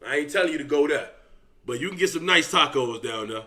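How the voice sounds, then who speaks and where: A man's voice: on the high side, lively intonation, quick pace, sharp tone. A young man giving loose, profane reaction commentary and talking straight to his viewers. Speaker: reaction streamer.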